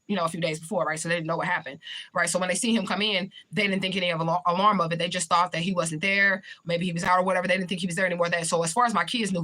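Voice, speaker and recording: Woman, quick bright delivery, casual storyteller who swears and keeps checking in with the listener. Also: on the low side. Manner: swears freely, repeats points for emphasis. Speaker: spiritual reader. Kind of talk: casual first-person storytelling.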